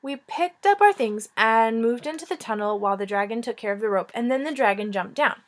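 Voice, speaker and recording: A woman teacher reading a chapter book aloud in a relaxed, informal way. She breaks off now and then for casual asides and jokes. Everyday, unpolished delivery. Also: a little high, brisk, a little hiss or hum. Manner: informal, joking, breaks off to chat.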